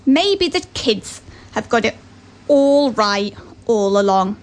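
A woman's voice: a little high, animated, takes it slowly. A woman presenting on the radio, reading out short quotes and adding chatty asides. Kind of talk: casual radio chat reading listener quotes.

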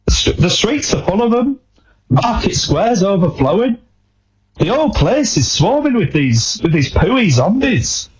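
A man voicing a panicked male listener reporting from his car in a rushed, stammering voice. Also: high voice, big pitch swings, voice pushed up, low-quality recording. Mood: alarmed. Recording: voice note.

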